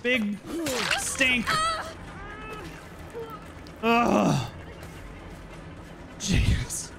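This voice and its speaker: A man livestreaming a game, chatting playfully and yelling at what happens on screen. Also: high voice, drawn-out words, vocal fry. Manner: animated, playful, yells at the game. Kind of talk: live gameplay commentary.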